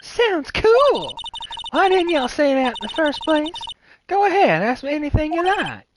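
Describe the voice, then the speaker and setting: A streamer voicing a brash Southern country woman photographer, talking loud and folksy with a drawl and a Southern accent. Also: high-pitched, big pitch swings, unhurried, background noise, voice pushed up. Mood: eager. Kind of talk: let's play voice acting. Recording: stream audio with game music behind.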